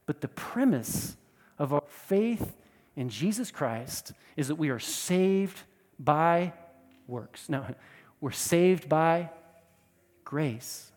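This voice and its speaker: A man preaching a sermon with emphatic delivery, repeating words and swinging between loud and soft. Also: fairly high pitch, animated, drawn-out words, big-room sound. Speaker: pastor.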